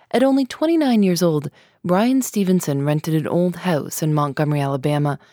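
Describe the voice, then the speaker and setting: A woman host reading scripted narration in a measured, even way. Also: fairly low pitch, no room sound, clean studio sound. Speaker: podcast host.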